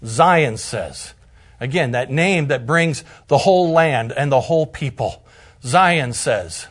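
A man teaching through a Bible passage in a conversational way, sometimes dropping to a soft hush for emphasis. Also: fairly high pitch, very animated, slow.

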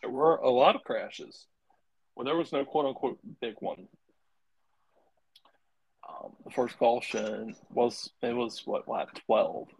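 A young adult man co-hosting a casual podcast about racing, blunt and quick to swear when worked up. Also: mid-range voice, vocal fry, slightly rough, no room sound, poor audio. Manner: profane, blunt and excitable. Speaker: podcast co-host.

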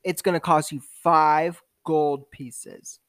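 A man voicing a cheerful male dwarf salesman with a friendly, polite sales pitch in a family tabletop game. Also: steady tone, takes it slowly, fairly bright tone.

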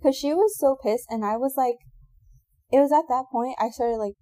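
A woman telling a personal story in casual chat, animated and laughing often, acting out what people said. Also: high voice, moderate pace, dry recording.

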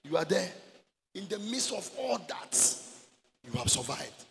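A man preaching a sermon as pastor, mixing Twi and English and shouting for emphasis. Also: high voice, big pitch swings, measured pace, vocal fry. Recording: echoey hall with faint noise.

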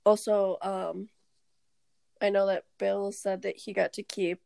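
A woman's voice: mid-range voice, little pitch movement, a little slow, gravelly, mellow, no room sound. A young woman co-hosting a podcast, chatting casually about a movie, laughing often and acting out lines from scenes. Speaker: podcast co-host. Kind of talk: casual movie recap chat.

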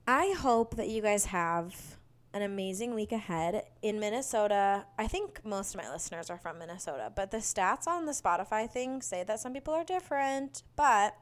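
A woman's voice: medium pitch, smooth. A young woman in her twenties hosting her own podcast, chatting casually and gushing, full of "like" and "um". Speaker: podcast host. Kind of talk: casual solo podcast chat.

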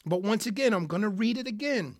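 Excited podcast host teaching scripture. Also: mid-range voice, brisk, no room sound, studio quality. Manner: earnest and excited, talking straight to listeners as "guys"; reads scripture aloud in King James wording, then explains it. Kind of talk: Bible study podcast talk.

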